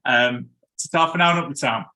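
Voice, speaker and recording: A man hosting a casual podcast chat, chatty and laughing at his own slip-ups. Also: mid-range voice. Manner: chatty, stumbles over ad reads and laughs at himself. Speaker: podcast host.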